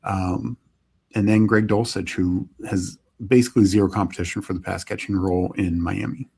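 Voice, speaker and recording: A man co-hosting a live stream, talking through picks in a measured, analytical way. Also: low-pitched, fairly even intonation, gravelly, darkish tone, slightly rough. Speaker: podcast co-host. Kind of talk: casual live stream chat.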